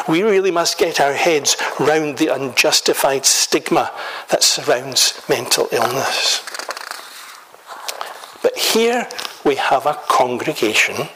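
A man from Scotland preaching a sermon in a measured, emphatic way, building rhetorical lists and questions. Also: a little high, a bit bright, breathy edge, low-quality recording.

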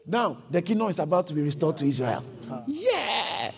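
A man preaching a sermon, animated, acting out quoted speech and often correcting himself mid-sentence. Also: fairly high pitch, fast. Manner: animated, acts out quotes, frequent self-corrections.

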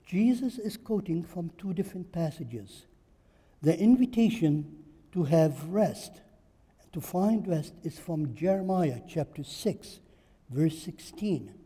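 Emphatic, dark-voiced male preacher. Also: high-pitched, breathy edge, big-room sound. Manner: emphatic, repeats phrases for stress. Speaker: pastor. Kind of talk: sermon. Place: church.

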